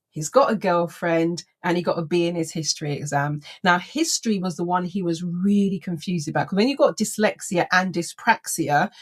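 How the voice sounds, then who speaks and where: A woman, a photo reading trainer telling an anecdote in a casual, lively way, saying "I says" and "blah, blah". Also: lowish voice. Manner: lively storyteller who acts out quoted people. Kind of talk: anecdotal storytelling talk.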